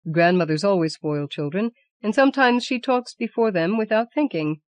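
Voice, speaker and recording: A woman's voice: medium pitch, animated, moderate pace, no echo, lightly acted. A woman reading the lines of a weary, evasive middle-aged husband in an audiobook, hesitant and pleading. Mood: reluctant.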